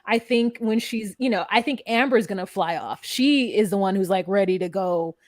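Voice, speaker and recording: A female podcast co-host gives blunt, profane opinions in a casual recap chat, animatedly acting out what other people said. Her voice is medium-pitched at a moderate pace, with no echo.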